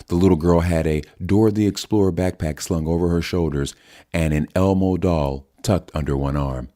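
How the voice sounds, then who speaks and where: A male narrator reads the story in a steady, measured way. His voice sits low and dark, mellow rather than bright. The delivery is unhurried and plain. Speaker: audiobook narrator. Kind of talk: scripted audiobook narration.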